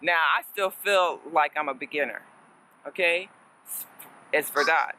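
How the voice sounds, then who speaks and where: A woman's voice: deep voice, unhurried, pushed and bright, a little hiss or hum, poor audio. A woman casually teaching a lesson as a fellow learner, chatty and playful, laughing often and slipping in Spanish words.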